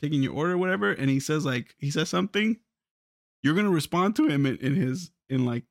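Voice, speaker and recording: A man's voice: a little high, lively intonation, fast, gravelly, no echo, clean studio sound. A man in casual podcast chat, slangy, laughing often and mimicking people in put-on voices. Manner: slangy, calls people fool.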